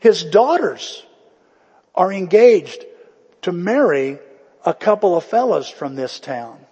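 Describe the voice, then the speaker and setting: A man's voice: high-pitched, sing-song, slow pace, a little mellow, slightly rough, big-room sound, lo-fi sound. A male pastor preaching a sermon in a conversational storytelling way, acting out the quotes.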